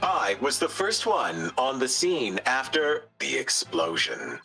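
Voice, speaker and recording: A terse bomb expert talks through a robotic synthesized voice, played by a male text-to-speech voice. The phrasing is clipped and slow, and the tone is bright and hard. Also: medium pitch, gravelly, soft background music, heavily acted. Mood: flat. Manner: clipped, flat, telegraphic phrasing.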